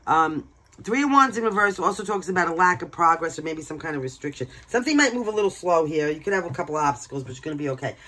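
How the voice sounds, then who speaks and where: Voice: mid-range voice, lively intonation, fast, sharp tone, low-quality recording. A tarot reader from Brooklyn, giving a casual card reading in a blunt, emphatic way and swearing freely. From Brooklyn, New York.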